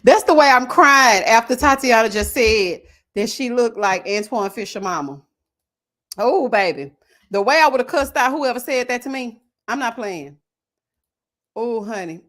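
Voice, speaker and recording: A woman hosting a casual live chat, animated and laughing often, drawling endearments like "baby" and "child". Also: a little high, moderate pace. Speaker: livestream host.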